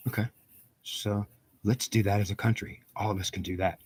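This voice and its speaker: Low husky guy rambling to himself, answers his own questions and repeats stuff over and over. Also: steady tone, moderate pace, dry recording. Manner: argues both sides of an imagined dialogue with himself; repetitive, circling phrasing. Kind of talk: rambling self-recorded monologue.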